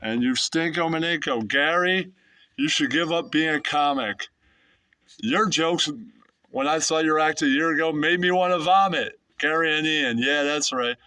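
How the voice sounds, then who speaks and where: A man's voice: a little high, normal speed, sharp tone, dry recording, distant mic. A man, a YouTube host, throwing crude roast insults in a casual rant and laughing at his own jokes.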